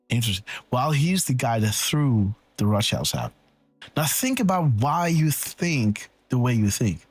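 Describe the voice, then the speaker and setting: A man hosting a live decode show, rambling excitedly and thinking aloud, checking in with "right?" and "okay.". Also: mid-range voice, measured pace, slightly rough, no echo, faint music behind. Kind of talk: casual live-stream commentary.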